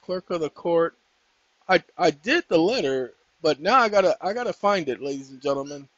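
Male host, high animated voice, folksy preacher-like delivery, dull dry lo-fi recording. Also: normal speed, no echo. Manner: folksy, preachy, addresses viewers as ladies and gentlemen; breaks off to talk to his dogs. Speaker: channel host. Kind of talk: casual screen-share tutorial.

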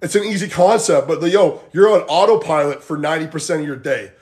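A man's voice: on the high side, a little fast, darkish tone. A man coaching fitness over a livestream from home, chatting casually in a rambling, motivational way, saying "like" and "guys" a lot. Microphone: phone.

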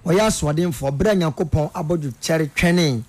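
A man's voice: on the high side, moderate pace. A Ghanaian man assisting at a sermon, reading scripture steadily and answering with short amens.

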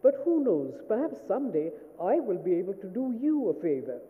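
A woman's voice: medium pitch, sing-song, brisk, close to an everyday voice. A woman voicing a small, timid but clever mouse in a hammed-up storybook fable, recorded in a reverberant hall over a phone-like line. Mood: pleading.

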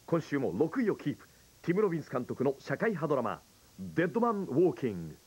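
A man narrating a film ranking countdown in a lively, wry scripted style. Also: a little high, very fast, breathy edge, rough recording.

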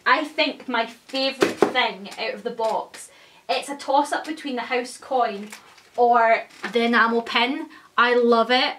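A young woman, gushing and excitable as she chats through an unboxing for her vlog. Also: on the high side, a little hiss or hum. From Scotland. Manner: gushing, excitable, many exclamations. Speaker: vlogger. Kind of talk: casual unboxing chat.

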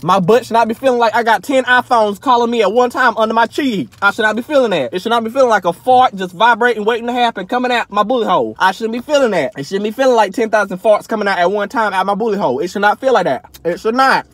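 A man doing a comedic mukbang rant, eating while talking with loud, exaggerated outrage, sitting in a parked car. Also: high voice, dry recording. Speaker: comedy vlogger.

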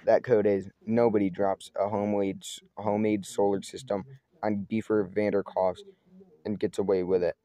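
A man's voice: fairly low pitch, flat delivery, normal speed, dark tone, lightly acted. A man reading the lines of an angry, blunt teenage bully who threatens a classmate. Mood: menacing.

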